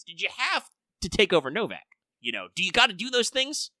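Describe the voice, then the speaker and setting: Animated, rambling bright-voiced man. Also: high-pitched, a little fast, no echo. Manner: rambling, animated, lots of "like" fillers and mock voices. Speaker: podcast co-host. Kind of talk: casual chat about games and shows.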